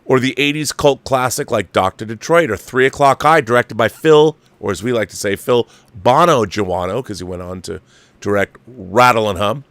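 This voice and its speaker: Reading out viewer mail on his show, a man breaks in now and then with his own remarks in casual chat. His mid-range voice is fairly bright, he speaks at a normal speed, and there's no echo.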